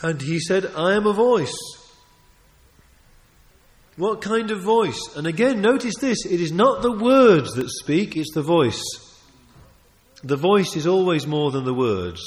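A man preaching a sermon, emphatic and animated, often restarting his phrases and adding asides. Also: a little high, unhurried. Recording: long reverb of a large hall.

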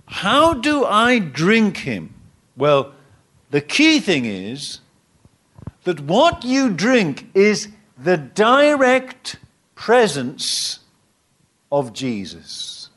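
Guy preaching a sermon, voice goes way up and down, gets loud then real quiet. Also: high-pitched, wildly swooping pitch, very slow. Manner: emphatic, swings between rising exhortation and quiet asides.

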